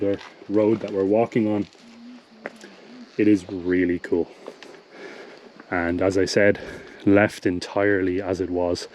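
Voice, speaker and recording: Low-voiced man musing outdoors. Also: a little mellow. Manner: reflective, halting with pauses and fillers. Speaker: travel vlogger. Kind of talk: casual walking vlog chat. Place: outdoors at hillside ruins.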